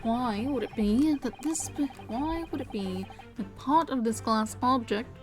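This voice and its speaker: A woman's voice: on the high side, over music, natural voice. A woman voicing a pompous, theatrical male detective who lectures grandly while reading game dialogue aloud. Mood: smug. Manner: grandiose, lecturing, dramatic pauses.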